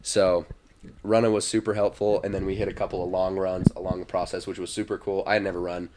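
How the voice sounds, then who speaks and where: A man on a podcast as a guest, telling his story in a relaxed, chatty way with lots of fillers. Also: low-pitched, fast talker, noisy background. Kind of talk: casual chat.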